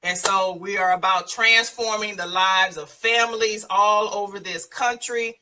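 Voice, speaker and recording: Hosting a live online show, a woman from San Antonio, Texas thanks her guests and announces an event, emotional and effusive and laughing often. Her mid-range voice is a little slow, with fairly even intonation and a sharp tone. It's live-stream chat and announcements, captured from a distance on poor audio with a little hiss or hum.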